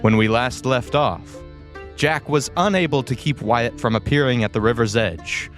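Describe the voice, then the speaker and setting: A man narrating as game master of a tabletop game in a calm, measured storytelling manner. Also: medium pitch, soft background music.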